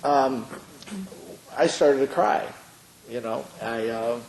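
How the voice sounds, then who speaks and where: A man's voice: mid-range voice, takes it slowly, vocal fry, darkish tone. A middle-aged man, a pastor, recalls events in an oral history interview, telling the story earnestly with many fillers. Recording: roomy with faint hiss.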